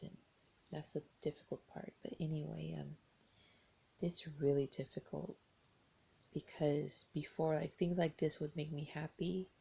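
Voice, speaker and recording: American woman vlogger, young, low flat husky voice with fry, rambling storyteller. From United States. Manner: rambling, hesitant, many restarts. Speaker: tarot vlogger. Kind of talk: casual personal storytelling.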